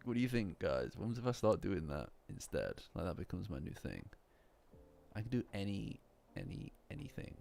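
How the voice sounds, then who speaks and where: A man's voice: sits low, huge pitch swings, moderate pace, vocal fry, darkish tone, slight background noise. A young man chatting casually on a live stream in a rambling, self-deprecating way.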